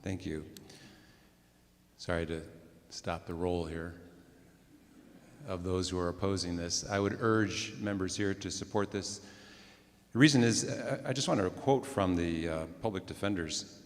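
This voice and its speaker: A deep, gravelly male legislator delivers a formal floor speech, reading a quoted statement at length. His words ring out with the long reverb of a large legislative chamber. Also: measured pace, a little hiss or hum.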